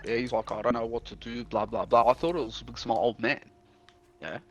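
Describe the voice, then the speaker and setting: Speaking briskly in a steady, medium-pitched voice, a streamer who also paints houses tells a rambling work story. It's a casual storytelling chat packed with swearing and quotes he acts out.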